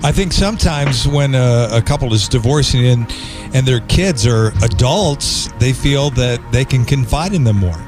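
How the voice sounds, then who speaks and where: A man's voice: medium pitch, lively intonation, moderate pace, music in the background. A man co-hosting a talk show, adding brief, agreeable remarks. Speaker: podcast co-host. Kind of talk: casual interview chat.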